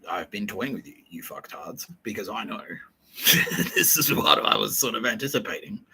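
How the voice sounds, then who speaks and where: A man's voice: on the low side, sharp tone, husky, poor audio. A man hosting a podcast, telling a wild story in a rambling, profane comic monologue with frequent laughter. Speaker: podcast host.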